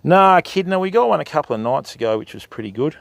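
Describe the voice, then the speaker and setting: An older Australian man livestreams fishing from a river at night, wading in the water and chatting casually with viewers he calls mate and bud. His medium-pitched voice is very animated, quick, and darkish with vocal fry.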